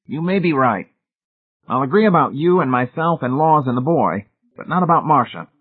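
A man's voice: a little high, animated, moderate pace, slightly rough, pitched above the performer's own voice. A man voicing a gloomy, pessimistic man who mutters glumly. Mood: wry. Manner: glum and muttering. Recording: tinny phone-like sound.

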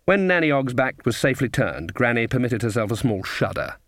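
A man narrating an audiobook in a measured, deliberate storytelling manner. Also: mid-range voice, sing-song, fairly bright tone, dry recording, studio quality.

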